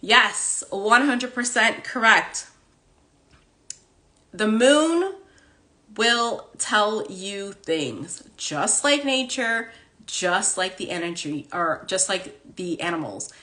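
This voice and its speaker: With a medium-pitched, animated voice that's pushed and bright, a woman slowly hosts a casual spiritual livestream on her phone. She's chatty and keeps saying "like" and "okay?".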